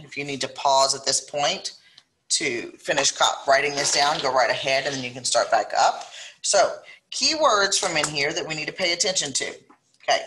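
Bright-voiced Louisiana math teacher. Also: female voice, very deep voice. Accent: South Louisiana. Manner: thinks aloud, slows down when dictating numbers. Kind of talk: recorded math lesson, working problems aloud.

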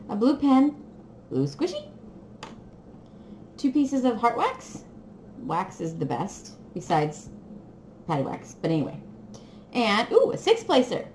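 A woman chatting casually to viewers while unboxing, excitable and giggly. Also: high-pitched. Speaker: crafting vlogger. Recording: echoey room with faint noise.

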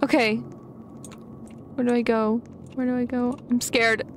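A young woman streaming a video game, reacting excitably with frequent gasps and laughter as she chats casually. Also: on the high side, measured pace, slight background noise. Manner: excitable, gasping and laughing often. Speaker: gaming streamer. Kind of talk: casual gameplay commentary.

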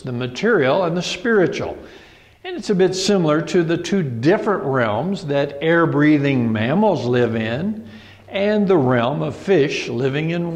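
A man preaching a sermon, reading scripture slowly and deliberately with emphatic pauses. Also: on the high side, big-room sound.

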